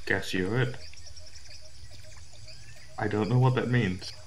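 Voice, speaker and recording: A man playing a tabletop game, speaking haltingly with many fillers. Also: lowish voice, a little hiss or hum. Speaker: player.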